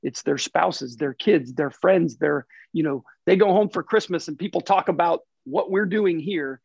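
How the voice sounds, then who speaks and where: A man's voice: a little high, normal speed, vocal fry, darkish tone, husky, dry recording. A man talking earnestly and reflectively as a guest in a casual interview, often repeating himself as he thinks. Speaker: racing team president, guest. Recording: dull lo-fi recording.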